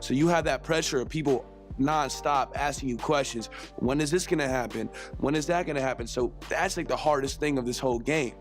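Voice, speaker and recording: Man, earnest, explaining, middle pitch, soft music behind. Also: fairly quick.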